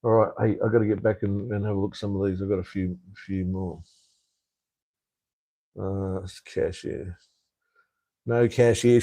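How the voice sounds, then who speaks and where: A man's voice: on the low side, fairly even intonation, normal speed, long pauses, warm tone, dry recording. Swearing, rambling Australian man on a live stream. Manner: rambling, swears freely, frequent fillers and restarts. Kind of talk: casual live-stream chat reading viewer comments. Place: home in Cambodia.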